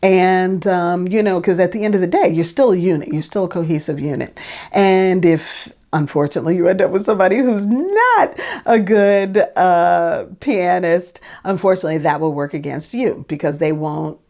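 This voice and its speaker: A woman's voice: fairly low pitch, moderate pace, a little mellow. A woman singer casually telling a story about an audition, chatty with lots of fillers and restarts.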